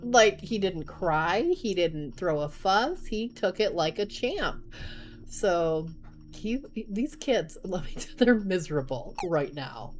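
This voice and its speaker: A young woman, a mother of small kids, telling a casual storytime vlog in a chatty, animated way and laughing often. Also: lowish voice, slow pace, a little hiss or hum.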